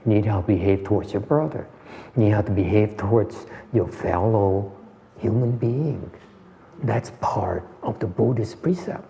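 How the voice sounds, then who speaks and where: A warm, lowish male voice with vocal fry, speaking at normal speed, belongs to a meditation teacher giving a conversational dharma talk in a meditation hall. He repeats phrases and fields questions, captured in a muffled hall recording.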